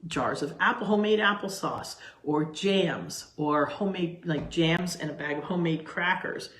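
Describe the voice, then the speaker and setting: A woman's voice: lowish voice, normal speed, heavy background noise. A middle-aged woman hosting her own cooking channel, chatting casually to camera from her home kitchen and rambling through asides and restarts. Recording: roomy, echoey kitchen sound.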